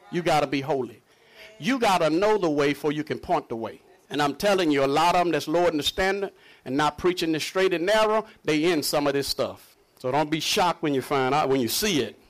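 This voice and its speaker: A man's voice: a little high, animated, a little fast. A man preaching a sermon, stretching key words for emphasis. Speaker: pastor.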